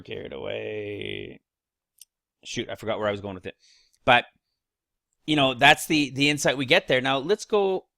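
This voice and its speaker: A man's voice: medium pitch, pushed and bright, dry recording, studio quality. A man casually teaching Bible verses, rambling, losing his place and asking rhetorical questions.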